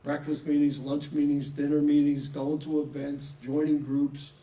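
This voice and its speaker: A man's voice: on the high side, little pitch movement, moderate pace, dark tone, dull audio. Chatty older New man in an echoey room. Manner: anecdotal, self-assured, chatty. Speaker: speaker at a networking event. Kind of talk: casual talk to an audience. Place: room with an audience. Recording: echoey room, mic far off, faint noise.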